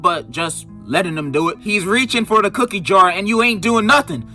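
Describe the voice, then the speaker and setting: A man's voice: a little high, moderate pace, few pauses, pushed and bright, faint music behind. A man, giving comedic scripted commentary in a sarcastic, mock-outraged, exaggerated way. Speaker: video narrator reviewing a book.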